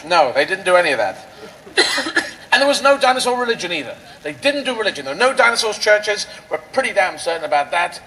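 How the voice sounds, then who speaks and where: A man's voice: high voice, very animated, a little fast, bright, forceful tone, a little hiss or hum, low-quality recording. A male stand-up comedian on an outdoor rally stage, riffing in a rambling, absurdist, playful way into a stage microphone.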